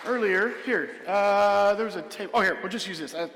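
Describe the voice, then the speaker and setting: A man's voice: high-pitched, fairly quick, few pauses, a bit bright, some chatter behind, a little hiss or hum. A man performing a comedic magic show in a church hall, playfully joking with and coaxing a child volunteer. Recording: echoey hall.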